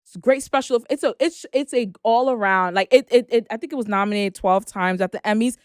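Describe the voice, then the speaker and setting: A young woman chats as a podcast co-host with a smooth, clear, fairly high voice. She talks in an animated way and acts out her own reactions as she goes. The sound is close and dry. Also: brisk, no echo. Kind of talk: casual chat.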